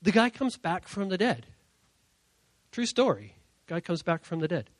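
Animated high-voiced male preacher. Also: measured pace, long pauses, dry recording. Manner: animated, swings from quiet asides to shouting. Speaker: youth pastor. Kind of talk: sermon storytelling.

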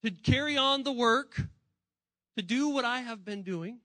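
A man preaching a sermon as pastor, speaking in a conversational way, acting out voices of the people he quotes and swinging between hushed and emphatic delivery. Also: very high-pitched, lively intonation, unhurried, no echo, poor audio.

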